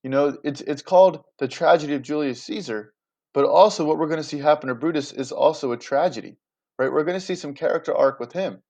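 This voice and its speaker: A man teaches a class in a relaxed, chatty style, frequently checking in with his students using "right?" and "you guys." His voice is a little high and darkish in tone, and he speaks a little fast.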